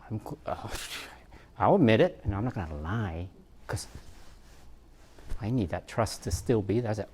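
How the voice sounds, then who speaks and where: A man's voice: fairly low pitch, animated, moderate pace, pauses often, a little mellow, slight background noise. A man, a therapist, giving an informal talk on parenting, reflective and self-mocking, with frequent fillers and laughs.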